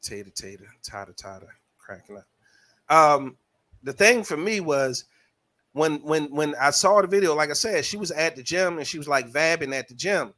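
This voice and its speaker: A podcast host keeps the conversation loose and crude, reading listener comments aloud in a put-on voice. His voice is a little high for a man, and he speaks at a moderate pace with animated, profane delivery.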